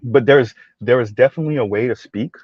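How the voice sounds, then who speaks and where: A man hosting a commentary stream, animated and sarcastic, often laughing and switching to a soft calm voice to make a point. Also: medium pitch, fast talker, slightly rough, no echo, highs cut off. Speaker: commentary channel host. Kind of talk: reacting to viewer comments on a live stream.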